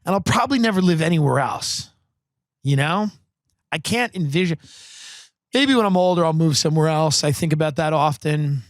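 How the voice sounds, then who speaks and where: A man from Long Island hosting a podcast, delivering a comedic monologue with sardonic, deadpan exaggeration into a close studio microphone. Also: a little high, moderate pace, no echo. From Long Island, New York. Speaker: podcast host.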